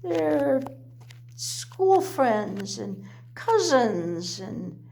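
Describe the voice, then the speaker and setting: A woman's voice: a little high, big pitch swings, extremely slow, creaky, a little mellow, slight background noise. A woman reading a children's picture book aloud, adding chatty asides about the pictures. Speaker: storyteller.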